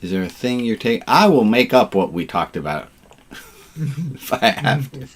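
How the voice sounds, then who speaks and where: Man, rabbi, mid pitch, casual, punning, video call. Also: big pitch swings, measured pace. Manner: playful, fond of puns. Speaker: rabbi leading an online service. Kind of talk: casual service talk.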